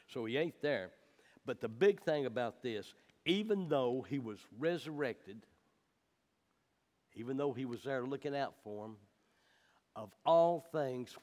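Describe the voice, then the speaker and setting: A man's voice: medium pitch, a little mellow. A man teaching the Bible in a folksy, emphatic way, with personal stories.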